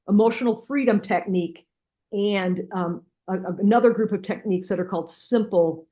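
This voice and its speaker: A middle-aged woman speaks at an average pitch as a guest in a conversational interview. She explains a healing method in an earnest way. She often restarts her sentences and livens up her stories with retold dialogue. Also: a little mellow. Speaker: guest practitioner from a spiritual healing center.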